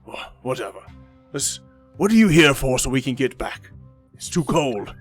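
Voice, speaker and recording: A man doing a gruff, threatening Viking warrior. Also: mid-range voice, sing-song, normal speed, faint music behind. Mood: gruff impatient. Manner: blunt and threatening. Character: gruff suspicious male Viking warrior with an axe.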